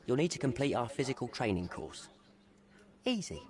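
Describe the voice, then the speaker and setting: An actor playing a harried police desk officer in a game, emphatic and indignant. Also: male voice, mid-range voice, very animated, moderate pace, a crowd in the background, natural voice.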